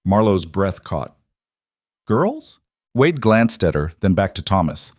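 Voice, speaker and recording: Brief: male audiobook narrator, lowish voice, steady storytelling, dry close sound. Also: moderate pace, dry recording.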